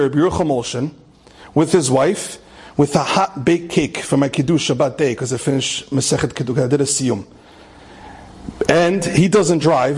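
High-voiced husky man telling a story. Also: a little mellow. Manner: emphatic, repeats key phrases for effect; sprinkles Hebrew and Yiddish terms. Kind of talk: inspirational storytelling talk.

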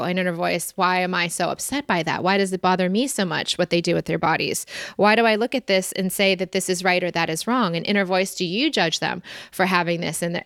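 A woman hosts a solo podcast and answers listener questions in a calm, steady flow, often repeating a word to stress it. Her voice sits on the low side for a woman. The sound is dry and close, with no room around it. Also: vocal fry, no echo. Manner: calm, flowing explanation with repeated emphasis. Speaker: podcast host.

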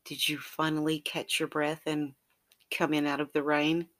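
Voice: mid-range voice, completely flat delivery, normal speed, fairly bright tone, natural voice. A narrator voicing the listener's loving partner with a tender, affectionate delivery in a romantic audio story.

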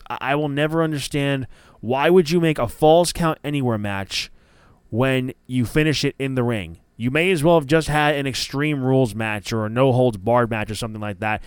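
A man's voice: mid-range voice, clear, resonant tone, dry recording, studio quality. Opinionated man rambling about wrestling. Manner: opinionated, rambling with frequent self-corrections. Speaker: podcast host. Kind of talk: casual wrestling commentary podcast.

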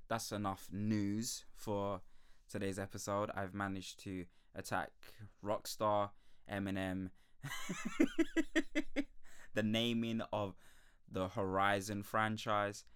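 A young man hosting his own podcast, ranting in a sweary, animated way with frequent laughs. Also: fairly low pitch, clean tone. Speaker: podcast host. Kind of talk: casual ranting monologue.

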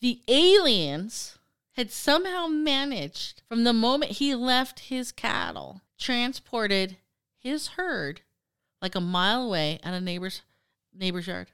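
A woman co-hosting a casual podcast, telling a story in an animated way, with some swearing and acted-out quotes. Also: on the high side, takes it slowly, clean tone. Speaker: podcast co-host.

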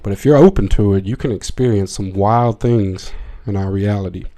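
Mellow-voiced man telling a profane comic story. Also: lowish voice, normal speed. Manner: profane, excitable, rambling with restarts. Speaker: podcast host. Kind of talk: comedic storytelling monologue.

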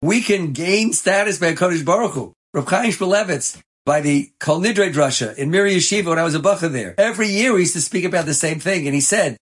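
A man's voice: on the high side, a little fast, hardly any pauses, fairly bright tone, slightly rough. A man, a rabbi, telling an inspirational story with emphatic, passionate delivery. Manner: emphatic, passionate storytelling with Yiddish and Hebrew terms.

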